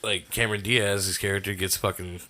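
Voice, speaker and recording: A man's voice: lowish voice, steady tone, normal speed, sharp tone. A man co-hosting a podcast in casual chat, blunt and swearing freely. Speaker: podcast co-host.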